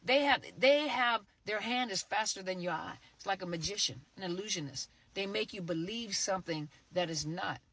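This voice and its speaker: A woman's voice: medium pitch, moderate pace, hardly any pauses, a bit bright, no echo. A woman host speaking animatedly about narcissistic abuse and often repeating phrases for emphasis.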